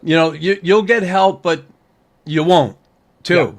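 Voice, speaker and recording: A man's voice: fairly high pitch, slow pace. Laid-back male podcast host. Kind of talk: casual chat.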